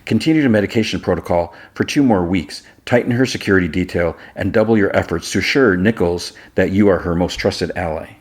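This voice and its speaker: A man reading a calm clinical computer. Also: low-pitched. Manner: measured, clinical. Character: calm controlling male computer voice.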